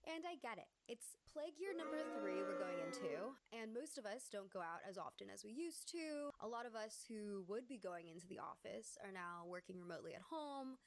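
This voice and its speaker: A woman's voice: mid-range voice, no echo. A woman hosting her own video, talking to camera in a chatty, playful way. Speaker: video host. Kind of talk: casual vlog talk to camera.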